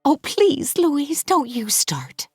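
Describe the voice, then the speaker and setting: Audiobook figure: anxious young mother, plaintive and fretful, read by a woman pitched up. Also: wildly swooping pitch, slow pace, darkish tone, no echo, clean studio sound, soft background music, full character voice. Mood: indignant.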